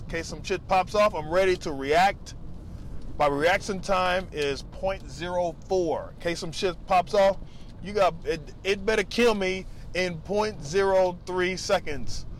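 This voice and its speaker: A man's voice: on the high side, measured pace, a little hiss or hum. A man, a stand-up comedian, rambling profanely on tangents in a casual vlog, recorded on a lavalier mic into a phone. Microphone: lavalier mic plugged into a phone.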